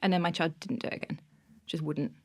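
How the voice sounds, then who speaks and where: A woman in her thirties, a podcast guest telling an animated story in casual interview chat, bursting into laughter often. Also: low-pitched, fast talker.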